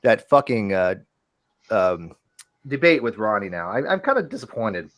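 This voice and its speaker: A man hosting a casual podcast chat, talking in animated bursts with frequent restarts and casual swearing. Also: on the low side, moderate pace. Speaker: host.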